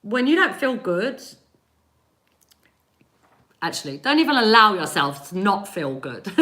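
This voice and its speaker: Bright-voiced woman giving spirited readings. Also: medium pitch, takes it slowly, pauses often. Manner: animated and encouraging, laughs often; speaks directly to chat viewers. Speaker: energy healer giving live readings. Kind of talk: live-stream spiritual reading to viewers.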